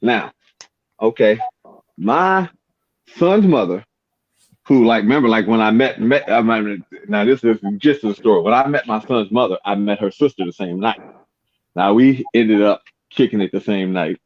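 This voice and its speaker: A man's voice: lowish voice, moderate pace. A man chatting casually and telling personal stories, acting out the voices of people in them. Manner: animated storyteller, acts out voices in the story. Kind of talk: casual chat, storytelling. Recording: dull lo-fi sound.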